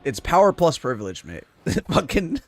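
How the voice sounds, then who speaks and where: Excitable, swearing man streaming a game. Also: on the high side, normal speed. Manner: excitable, swearing, laughing reactions. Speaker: gaming streamer. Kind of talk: live-stream reaction chat.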